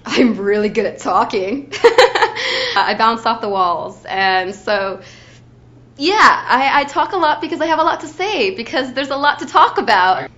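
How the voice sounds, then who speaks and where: This self-introduction comes from a young adult Ukrainian woman slating for an audition. Her voice is on the high side and a bit bright, animated, and moderately paced, and she's bubbly and chatty, saying "like" often. It's captured in a dull lo-fi recording.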